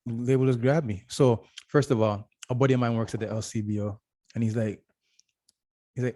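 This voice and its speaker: A man's voice: mid-range voice, steady tone, brisk, mellow. A man co-hosting a podcast, telling an easygoing story while stumbling over words. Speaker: podcast co-host. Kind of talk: casual chat.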